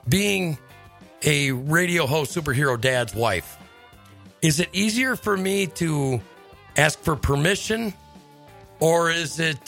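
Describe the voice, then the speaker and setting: Radio guy telling wild stories, bright voice, jumps around a lot, laughs a bunch. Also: a little high. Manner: animated storyteller, laughs often. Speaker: radio host. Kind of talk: casual chat.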